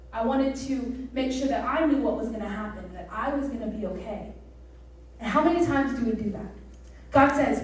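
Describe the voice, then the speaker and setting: A woman preaching a youth sermon, telling a story in a chatty, animated way and asking the crowd questions. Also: fairly high pitch, a little hiss or hum. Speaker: youth pastor. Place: church service hall. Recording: roomy echo, mic from a distance.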